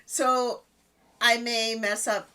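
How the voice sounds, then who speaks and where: A woman's voice: on the high side, little pitch movement, slow pace, pushed and bright, smooth. A woman co-hosting a gaming video, chatting casually and playfully, often laughing and teasing her partner. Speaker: co-host of a gaming channel. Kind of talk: casual gameplay chat.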